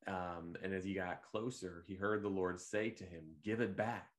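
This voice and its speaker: Host, male, very deep voice, gentle devotional meditation delivery, unhurried. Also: steady tone. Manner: gentle, unhurried, with occasional fillers and restarts. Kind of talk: reflective devotional talk.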